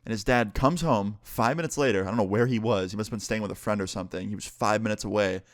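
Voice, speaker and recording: Telling a story from his own life, a young New York state man speaks rapidly in a fairly low voice, animating the quoted lines and leaning heavily on "like". The studio-quality recording has no room sound.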